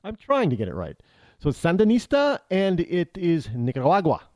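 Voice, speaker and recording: American male talk radio host, lively delivery, mellow tone, rambling opinionated monologue, dry studio sound. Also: sits high, moderate pace, dry recording. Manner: rambling, with many restarts and asides. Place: New England.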